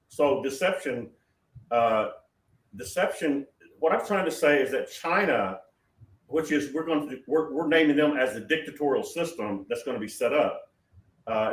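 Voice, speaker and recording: Man rambling emphatically, far from mic. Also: medium pitch. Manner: rambling, emphatic, many restarts. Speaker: prophetic show host. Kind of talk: prophetic question-and-answer talk. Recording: roomy sound from far off the mic.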